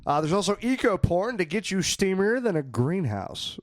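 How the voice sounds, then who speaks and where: A man's voice: sits high, big pitch swings, moderate pace, dry recording. A man hosting a comedy podcast, joking and stumbling as he reads facts to his co-hosts. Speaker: podcast host.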